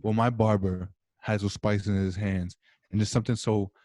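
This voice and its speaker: A man's voice: fairly low pitch, level tone, normal speed, a little mellow, dry recording. Young male podcast host, dry close sound, passionate rambling rant on a video call. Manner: impassioned, rambling monologue, swearing. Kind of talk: casual chat over video call.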